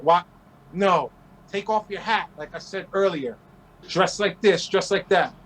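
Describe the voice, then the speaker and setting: A man in his forties from Queens tells stories as an interview guest. He talks in a brash, profane, animated way. His voice sits high. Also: moderate pace, slight background noise, low-quality recording. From Queens, New York. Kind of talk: casual interview storytelling.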